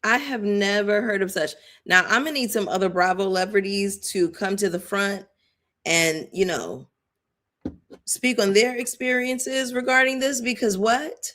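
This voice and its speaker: A woman's voice: medium pitch, measured pace, fairly bright tone. A woman giving casual live-stream commentary on a reality show, chatty and emphatic, addressing viewers directly.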